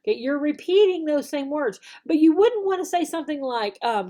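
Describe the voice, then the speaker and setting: A woman talks through teaching techniques for online English lessons. Her voice sits a little high. She keeps stopping to act out example phrases slowly and big, then checks in with "okay?". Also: expressive, dark tone. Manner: demonstrates phrases slowly and exaggerated, tags "okay?". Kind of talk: instructional video talk.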